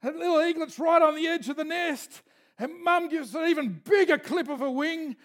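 High-voiced man preaching. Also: normal speed, a bit bright. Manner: storytelling with folksy asides and restarts. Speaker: pastor. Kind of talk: sermon.

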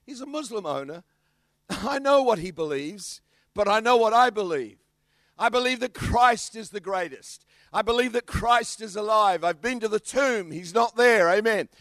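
Australian man, pastor preaching, animated storytelling, higher voice, dry close sound. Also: moderate pace, no echo. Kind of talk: sermon.

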